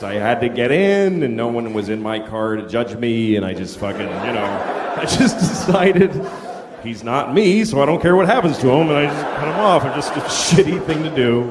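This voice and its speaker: A middle-aged man doing a stand-up comedy set, telling stories in a wry, profane way, recorded live in a large theater. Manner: wry, profane storytelling with big pitch swings. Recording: live hall with audience and background noise.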